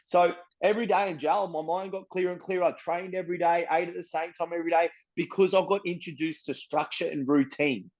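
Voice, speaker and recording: A young man with a broad Australian accent tells his story in blunt, profane street slang, acting out the voices of everyone involved. His voice sits a little high for a man. The recording sounds slightly muffled and dull. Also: darkish tone. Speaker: interviewee. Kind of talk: casual storytelling.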